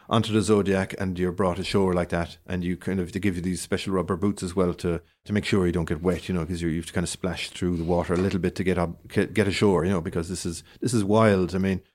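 A man with a low voice and a light lilt tells a travel story in relaxed conversation. He talks with lots of fillers, false starts and growing enthusiasm. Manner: animated storyteller with many fillers and restarts. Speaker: guest. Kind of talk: casual chat.

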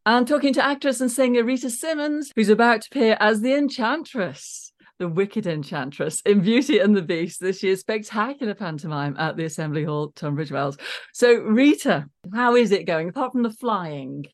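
A woman's voice: mid-range voice, animated, normal speed. Woman, from Liverpool, radio host, friendly, encouraging, casual interview. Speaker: radio presenter.

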